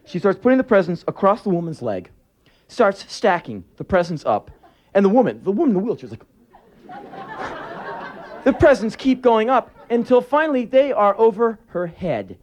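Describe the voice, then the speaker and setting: Animated, profane male spoken word storyteller. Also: high voice, brisk. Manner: profane, sarcastic, animated anecdotes. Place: live performance venue.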